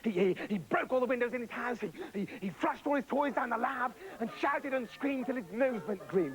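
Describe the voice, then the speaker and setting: A man telling a comic story in a manic, excitable way. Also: extremely high pitch, a little fast, few pauses, rough recording.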